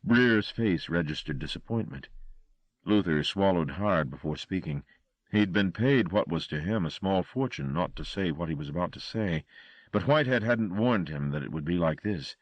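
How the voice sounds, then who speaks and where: A man reading a horror audiobook with a dramatic, expressive delivery. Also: sits low, normal speed, no echo, lo-fi sound. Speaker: audiobook narrator. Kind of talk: scripted horror narration.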